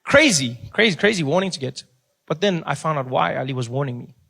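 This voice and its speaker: A man from South Africa with a South African accent, doing stand-up comedy, telling stories in an animated way and laughing at his own jokes. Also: fairly high pitch, brisk, vocal fry.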